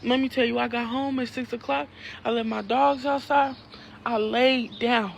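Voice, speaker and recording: Gravelly earnest woman testifying. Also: high-pitched, fairly even intonation, fairly quick, a little hiss or hum. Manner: earnest, emphatic, conversational preaching. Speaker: nursing student sharing a testimony. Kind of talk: personal testimony to camera.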